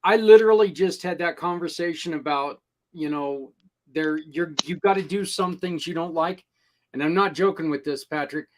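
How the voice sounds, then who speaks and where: Podcast host guy, kinda high voice, keeps saying literally, pushes his questions. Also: normal speed. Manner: emphatic, insistent, repeats "literally". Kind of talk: conversational interviewing.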